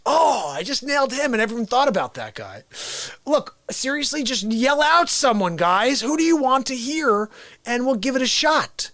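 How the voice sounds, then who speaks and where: A man hosting a live-streamed casual talk show, excitable and salesy, talking straight to his viewers. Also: extremely high pitch, normal speed, no room sound. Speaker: host.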